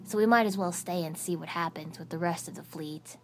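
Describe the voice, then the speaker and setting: A woman voicing a blunt, calm teenage boy strategist who sounds a little detached, in a fan fiction audiobook reading. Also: fairly low pitch, a little fast, a little hiss or hum, close to an everyday voice. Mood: level.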